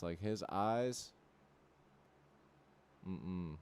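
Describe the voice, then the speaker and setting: A young man chats casually on his livestream in a low, smooth, mellow voice. He tells rambling, profane stories padded with fillers, and he reacts loudly and with disbelief to what chat says. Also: measured pace. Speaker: livestream host.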